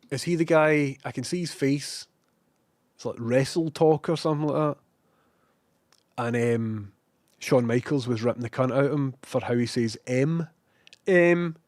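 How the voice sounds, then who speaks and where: A young adult Scottish man rambles through a casual livestream, reading viewers' chat and cursing freely at himself. His voice sits at an ordinary pitch for a man. The sound is dry and close. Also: no room sound. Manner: sweary, self-mocking, animated.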